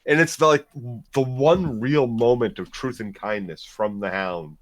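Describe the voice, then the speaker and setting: A man's voice: medium pitch, measured pace. A man co-hosting a casual TV recap podcast, emphatic and profane, often cutting in. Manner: emphatic, profane, talks over others. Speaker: podcast co-host.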